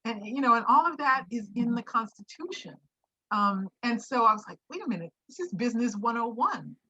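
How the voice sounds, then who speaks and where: Woman panelist, sharp bright voice, lots of um and uh, dead dry muffled audio. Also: a little high, lively intonation, slightly rough, no echo. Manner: halting, many fillers while thinking aloud. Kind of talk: panel discussion.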